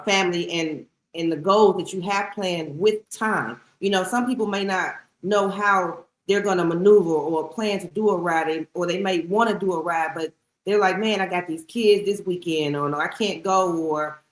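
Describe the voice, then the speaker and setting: A woman's voice: lowish voice, echoey room, low-quality recording. A woman co-hosting a motorcycle podcast, asking long, rambling questions. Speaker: co-host. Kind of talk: interview questions.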